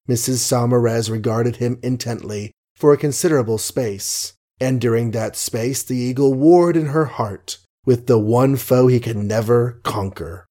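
Wry, mellow-voiced male narrator. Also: mid-range voice, measured pace, few pauses. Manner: wry, gently ironic asides. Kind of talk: audiobook narration.

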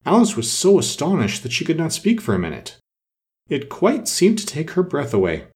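A man reading a storybook aloud as narrator in an expressive, animated way. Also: fairly high pitch, moderate pace.

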